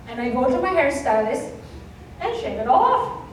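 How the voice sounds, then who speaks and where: A woman from Kenya giving a keynote talk, telling a personal story in an animated way and acting out the dialogue. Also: high voice, fairly quick, a little hiss or hum. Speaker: keynote speaker. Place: conference hall stage. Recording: echoey hall, mic at a distance.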